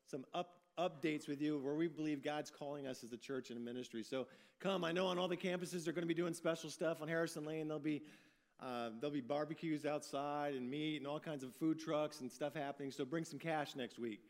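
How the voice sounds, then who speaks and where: Man, pastor preaching, high-pitched voice, folksy and upbeat, restarts phrases. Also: a little fast. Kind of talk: sermon.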